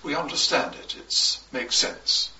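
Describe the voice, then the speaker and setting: A man preaching a sermon, slow and emphatic, with measured pauses between phrases. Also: bright, forceful tone, a little hiss or hum. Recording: echoey, distant, dull recording.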